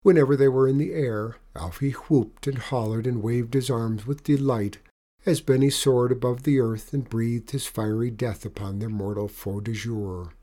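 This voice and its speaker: A man narrating a children's adventure story aloud with expressive, animated delivery. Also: medium pitch, moderate pace.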